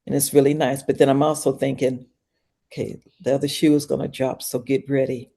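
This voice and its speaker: Speaking a little fast in a very deep, creaky voice, an older woman guesting on a podcast relates an animated story during a casual interview. She performs each character's voice, ranging from hushed whispers to shrieks.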